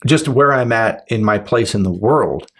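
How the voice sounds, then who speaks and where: A man's voice: mid-range voice, normal speed, a bit bright. A man hosting a podcast in casual chat, rambling and restarting sentences, swearing freely and acting out his partner's replies. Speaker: podcast host.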